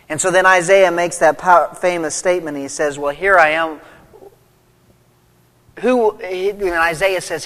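A man's voice: sits high, fairly even intonation, normal speed, bright, forceful tone. A man preaching a sermon, reading scripture aloud and then explaining it with rising emphasis. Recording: long hall reverb.

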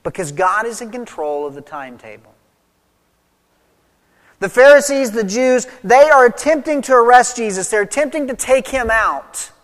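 A preacher giving an expository sermon, stressing points loudly and then dropping quiet. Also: medium pitch, animated, normal speed. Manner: emphatic teaching, swinging between loud stresses and quiet drops. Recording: long reverb of a large hall.

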